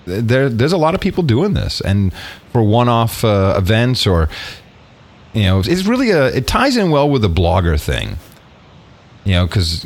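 A man co-hosting a podcast in casual chat, animated and swearing freely, often laughing. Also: on the low side, a little slow. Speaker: podcast co-host.

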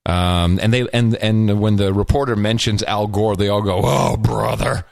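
A wisecracking male podcast co-host with a somewhat low voice, rambling through his points with many fillers. The sound is dry and close, with no room around it. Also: steady tone, moderate pace, a little mellow, no room sound. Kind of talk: casual political chat.

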